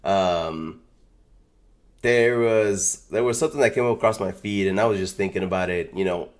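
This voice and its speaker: Low voiced guy cohosting a podcast, slangy, says bro a lot, laughs easy. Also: moderate pace. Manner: easygoing, slangy, swears, laughs often. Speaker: podcast co-host. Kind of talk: casual chat.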